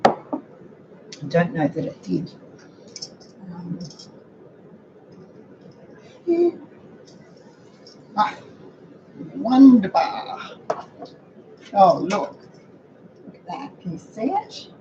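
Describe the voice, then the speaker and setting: A middle-aged woman with a croaky voice, chatting to viewers while she cooks in her home kitchen. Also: medium pitch, big pitch swings, drawn-out words, pauses often. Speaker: cooking show host. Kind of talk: casual cooking demonstration. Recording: dull lo-fi audio with background noise.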